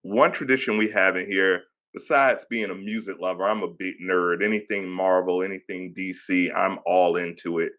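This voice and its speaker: Low-voiced virginia guy in his 30s hosting a podcast, upbeat and chatty, hypes up his guest. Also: steady tone, moderate pace, few pauses, a bit bright, lo-fi sound. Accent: Hampton Roads Virginia. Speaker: podcast host. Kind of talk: casual podcast interview.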